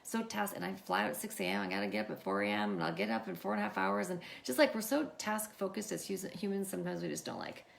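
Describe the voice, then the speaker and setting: A woman hosting a livestream, telling a story to her viewers in a casual, animated way, acting out the dialogue and calling out to them often. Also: mid-range voice, fast talker, creaky, few pauses. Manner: animated, acts out quoted dialogue, keeps addressing viewers. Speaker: livestream host.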